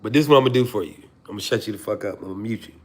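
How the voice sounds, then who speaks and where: A man's voice: on the low side, racing, darkish tone, breathy edge. A man, hosting a livestream and joking profanely to his chat before preaching his point. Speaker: livestream host. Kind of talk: casual livestream talk to chat.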